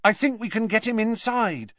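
A man's voice: sits high, normal speed, a bit bright, no echo, clean studio sound, voice pushed up. A man doing an anxious teenage boy wizard. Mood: urgent.

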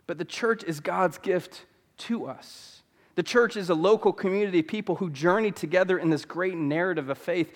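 A man's voice: high voice, normal speed, in a large hall. A pastor in his thirties preaching a sermon in a church, earnest and fond of repeating key phrases for emphasis. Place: church sanctuary.

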